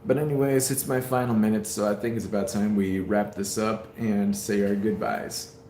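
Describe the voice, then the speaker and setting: A man's voice: lowish voice, steady tone, normal speed, warm tone, echoey room, a little hiss or hum. A man streaming from a hospital room, giving a rambling, heartfelt talk with many fillers. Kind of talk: casual live stream chat.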